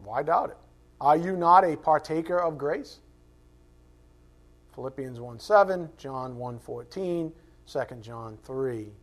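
A man's voice: a little high, expressive, takes it slowly, long pauses. A man teaching a Bible class in a conversational way, asking rhetorical questions and acting out quoted voices. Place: classroom with a board.

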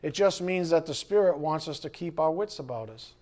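A middle-aged man delivers a sermon as pastor, his voice sitting high for a man. He preaches in an animated way, acting out the voices of people he quotes and now and then breaking into a shout. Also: fairly quick.

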